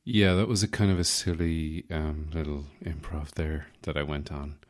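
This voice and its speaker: An Irish man hosting a podcast, his voice rough from just waking up, rambling in a self-deprecating way through a casual improvised monologue. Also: very deep voice, flat delivery, moderate pace. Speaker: podcast host.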